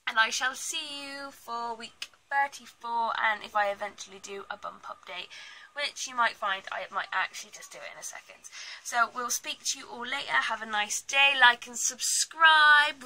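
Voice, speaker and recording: A woman's voice: fairly high pitch, moderate pace, sharp tone, slight background noise, low-quality recording. A young British woman chatting bluntly in a casual pregnancy vlog, ranting and laughing as she talks. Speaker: vlogger.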